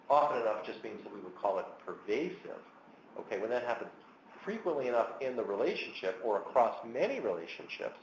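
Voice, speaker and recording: An animated man lecturing, his pitch swinging widely as he acts out heated remarks. The sound is roomy and echoey, with faint background noise. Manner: animated, acts out angry quotes. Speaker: clinical psychologist lecturer. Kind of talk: educational webinar lecture.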